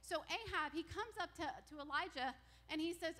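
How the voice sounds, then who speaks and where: A woman pastor preaching a sermon, retelling a Bible story in an animated way and acting out the characters' lines. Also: very high voice, brisk, few pauses. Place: church sanctuary.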